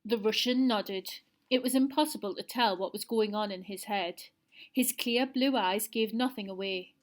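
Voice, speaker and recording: A woman's voice: medium pitch, moderate pace. A woman teacher reading a novel aloud to her pupils and setting quiz questions. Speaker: primary school teacher.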